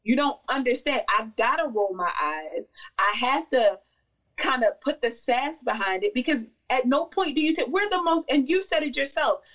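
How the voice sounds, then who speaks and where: A woman's voice: fairly high pitch, expressive, moderate pace, a bit bright, distant mic, poor audio. A woman speaking as a podcast guest, talking passionately and emphatically, repeating words for stress. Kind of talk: casual podcast conversation.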